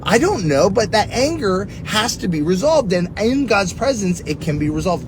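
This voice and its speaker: A middle-aged man teaching earnestly on prayer, preaching in a conversational way and telling personal stories. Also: moderate pace. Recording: steady rumbling background noise.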